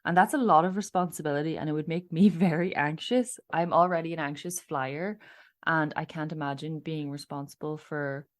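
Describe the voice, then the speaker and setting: Woman on a podcast, deep voice, chatty and laughs a lot. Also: fairly even intonation, moderate pace. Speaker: podcast co-host. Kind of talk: casual chat and scripted narration.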